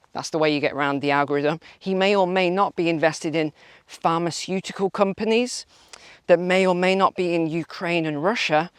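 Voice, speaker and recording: A man's voice: high voice, no room sound, studio quality. Sarcastic man on a walk. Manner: sarcastic, mocking. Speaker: vlog host. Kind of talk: walking vlog commentary. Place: outdoors on a walk.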